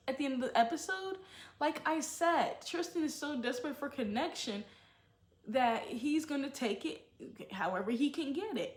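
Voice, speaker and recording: A woman giving opinionated casual commentary and acting out quotes with animated emphasis. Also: high voice, reverberant. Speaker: show commentator.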